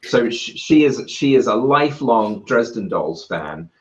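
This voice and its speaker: A man with a British accent, a guest telling lively anecdotes and acting out other people's shouted lines. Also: medium pitch, measured pace. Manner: lively, acts out quoted voices loudly. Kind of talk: anecdotal storytelling in a conversation. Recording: roomy and muffled.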